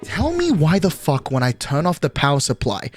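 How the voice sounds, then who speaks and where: A nineteen-year-old streamer chatting casually on a livestream, ranting in an animated, exasperated way with lots of swearing. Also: medium pitch, moderate pace, husky, faint music behind. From Australia.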